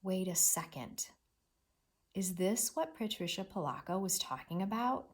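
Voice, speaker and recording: A woman's voice: medium pitch, animated, measured pace. A woman teacher giving a read-aloud reading lesson, talking expressively to children.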